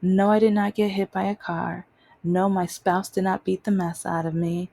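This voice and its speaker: Casting: woman vlogger, dark mellow tone with gravel, lively storytelling. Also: mid-range voice, normal speed, no room sound. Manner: animated, exasperated retelling with mocking quoted voices. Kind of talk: casual storytelling vlog.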